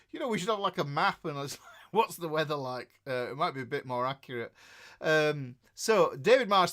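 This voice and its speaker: A man's voice: on the high side, sharp tone. A man with a northern English accent hosting a guitar livestream, rambling chattily as he reads out viewer comments. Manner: rambling and chatty, with many fillers and restarts. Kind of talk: casual livestream chat, reading out viewer comments.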